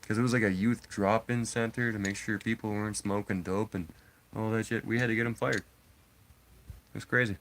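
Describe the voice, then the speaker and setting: A man's voice: fairly low pitch, moderate pace, a little hiss or hum. A man streaming live and telling a story casually to his chat, talking bluntly and swearing freely. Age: adult father. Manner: profane, blunt and animated.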